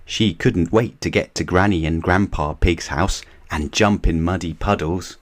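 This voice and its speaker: A man reading a children's picture book aloud at a slow, unhurried pace. His voice is low and deep, and his delivery stays measured and even. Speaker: narrator. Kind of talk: storybook reading.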